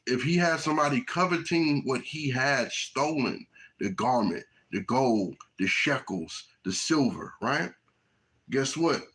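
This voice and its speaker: A street preacher delivers a sermon outdoors in hot weather, frequently checking in with the crowd by asking "right?". His mid-range voice is a bit bright, and the recording is rough.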